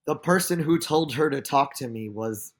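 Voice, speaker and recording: A man casually retelling a bar story on a podcast, animated, with lots of "she goes.". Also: mid-range voice, normal speed. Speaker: podcast co-host.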